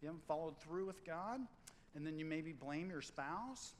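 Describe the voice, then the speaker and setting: A man preaching a sermon as pastor, in a conversational, animated way, acting out quotes and stories. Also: fairly high pitch, moderate pace, long reverb tail, a little hiss or hum, poor audio.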